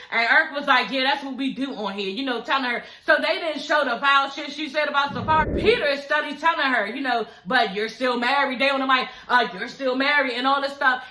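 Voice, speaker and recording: A young woman vlogger recaps a reality show in a high, bright voice, gossiping and cursing casually as she talks to her viewers. Her voice bounces around a roomy, echoey space. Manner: gossipy, animated, swears freely, addresses viewers as y'all.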